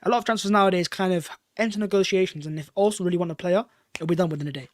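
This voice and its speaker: A podcast co-host with a high-sitting voice leads a segment of casual football chat on a fan podcast. He talks quickly and chattily, and the recording has no echo.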